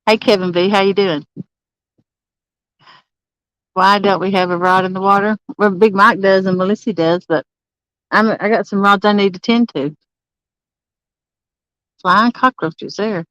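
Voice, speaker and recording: Chatty woman with a smooth voice. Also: medium pitch, a bit bright, no echo, rough recording. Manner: chatty, laughs often, greets viewers by name. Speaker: livestreaming angler. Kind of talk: casual live-stream chat. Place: campsite outdoors.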